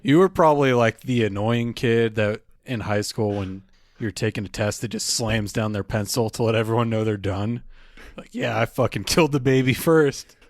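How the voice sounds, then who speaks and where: A man's voice: on the low side, normal speed, no echo. A man joking sarcastically in casual podcast chat, swearing often.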